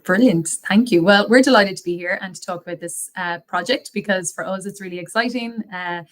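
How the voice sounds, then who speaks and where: A woman's voice: mid-range voice, fairly quick. A woman guest on a podcast interview, talking chattily and enthusiastically with plenty of fillers. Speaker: guest, consultancy associate partner.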